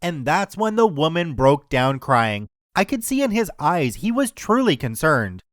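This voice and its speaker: A man's voice: a little high, very animated, moderate pace, hardly any pauses, no room sound, studio quality. A man reading a story aloud as a scripted narration.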